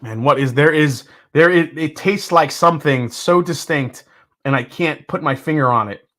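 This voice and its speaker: A man hosts a casual live whiskey review, his voice bright and forward in a slightly high register. He rambles excitedly, tripping over restarts and fillers as he hunts for the words. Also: normal speed.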